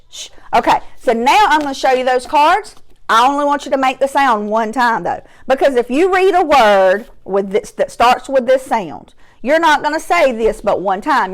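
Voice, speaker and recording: A woman teaching a phonics lesson to young children, patient and sing-song, sounding out letters with exaggerated emphasis. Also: a little high.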